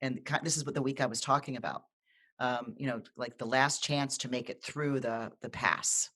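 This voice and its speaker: Animated, restart-prone storyteller. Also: mid-range voice, moderate pace. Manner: animated storyteller with frequent restarts and repeated words. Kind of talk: casual live video chat, telling a personal story.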